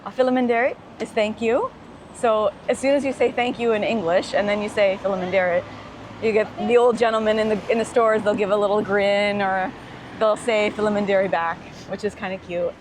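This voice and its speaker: A woman's voice: mid-range voice, fairly even intonation, normal speed. A woman chatting casually and laughing often while walking outdoors, filming a travel vlog. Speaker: travel vlogger. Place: outdoors on a busy street. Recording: street and traffic noise.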